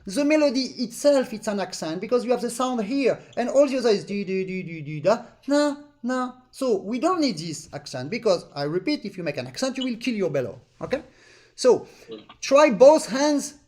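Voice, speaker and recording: High-voiced man teaching accordion. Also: sing-song, a little fast, a little mellow. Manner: demonstrative, sings rhythms in syllables; earnest, repeats points to stress them. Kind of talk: master class instruction. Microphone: online lesson stream.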